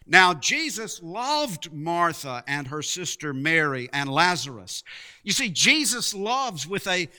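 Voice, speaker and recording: Slow, emphatic preacher with a bright voice. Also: male voice, high voice. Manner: slow, emphatic preaching with dramatic pauses and repeated words. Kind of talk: sermon.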